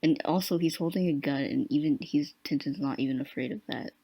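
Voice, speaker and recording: Woman, low voice, casual podcast chat, dry close sound. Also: fairly quick, warm tone, husky, no echo. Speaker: podcast co-host.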